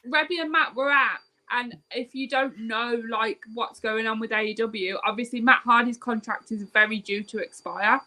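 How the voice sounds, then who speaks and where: Bright-voiced woman, emphatic. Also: fairly high pitch, fairly even intonation, poor audio. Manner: emphatic, quick to react. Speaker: podcast co-host. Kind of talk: casual wrestling chat.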